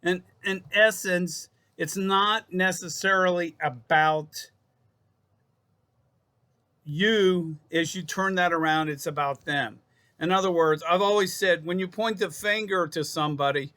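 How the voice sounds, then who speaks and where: A man with a fairly high, bright voice talks to his viewers like a psychologist giving self-help advice. He rambles and loops back over his phrases, restarts words, and calls the audience folks. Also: unhurried, smooth. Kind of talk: casual self-help talk to camera.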